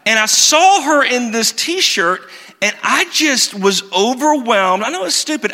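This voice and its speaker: A man delivers a sermon with a bright, slightly high voice. He moves between earnest teaching and self-mocking stories, leaning on emphatic repeats. The sound rings out with the long reverb of a large hall. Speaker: pastor.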